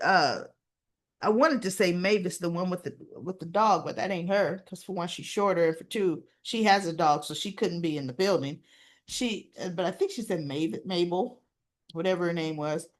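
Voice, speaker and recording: A woman's voice: medium pitch, expressive, normal speed. A woman giving a casual, chatty recap of a soap opera episode and briefly acting out the characters' lines. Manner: chatty, retells scenes and acts out the characters' lines.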